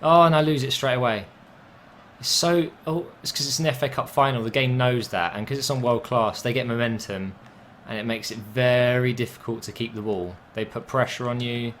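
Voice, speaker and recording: A young man commentating on his own football video game match, casual and chatty, with swearing and sudden excited outbursts. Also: medium pitch, normal speed, a little hiss or hum. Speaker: gaming commentator.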